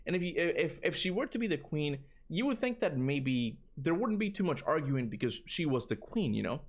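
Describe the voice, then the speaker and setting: A man's voice: a little high, big pitch swings, normal speed. Casual man reading a theory on stream. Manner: stumbles over reading, breaks into casual asides; says "bro" and "you know" often. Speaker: gaming streamer. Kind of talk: livestream reading a fan theory aloud.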